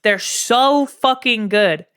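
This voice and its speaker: Canadian woman streamer, unhurried, blunt and profane, chatty asides to her viewers. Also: fairly high pitch, a bit bright, a little hiss or hum. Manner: frank, profane, many fillers and asides to chat. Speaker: streamer ranking game characters. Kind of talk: casual live-stream commentary.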